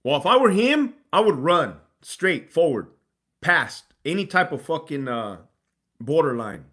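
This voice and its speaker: A man's voice: fairly high pitch, big pitch swings, a little slow, fairly bright tone. Profane, laughing male livestreamer. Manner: profane, laughing, reading chat aloud. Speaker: livestream host. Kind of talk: casual livestream chat.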